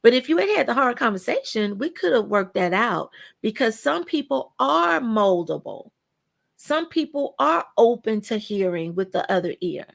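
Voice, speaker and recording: Her voice is a little high, with vocal fry and a normal speed. She is a podcast guest and animated storyteller who plays out the people she quotes, chatting casually and emphatically and repeating words for stress.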